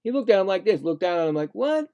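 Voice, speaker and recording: Excitable high-pitched man calling hockey. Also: very fast, clean tone, muffled recording. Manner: excitable, indignant, rambling with frequent restarts. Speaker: live play-by-play streamer. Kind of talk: casual hockey play-by-play commentary.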